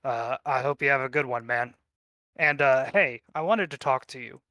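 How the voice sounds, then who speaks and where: A man running a tabletop game as game master, describing scenes in a relaxed, filler-dotted storytelling manner. His voice sits in a plain middle register. The recording is dry and close. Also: mid-range voice, normal speed, no room sound.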